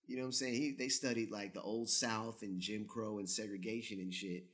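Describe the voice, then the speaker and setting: A man's voice: lowish voice, fairly even intonation, a little fast, fairly bright tone. An American man talking in a loose, profane way, often asking "you know what I'm saying?". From United States. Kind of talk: casual chat.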